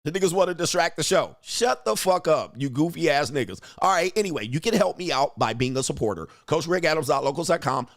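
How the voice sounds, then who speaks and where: A man's voice: on the high side, expressive, quick pace, hardly any pauses, no room sound, clean studio sound. A man hosting a livestream, giving crude, combative commentary, berating his chat and laughing often. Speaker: livestream show host and dating coach.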